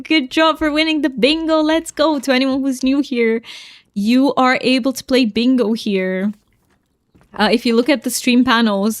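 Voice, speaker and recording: A woman's voice: on the high side, dry recording. A young woman chatting casually while streaming a game, laughing often and making fun of herself.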